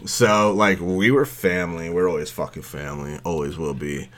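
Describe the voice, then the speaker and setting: A man co-hosting a podcast, telling rambling, profane stories in casual chat that get loud and animated at the punchlines. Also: deep voice, moderate pace. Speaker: podcast co-host.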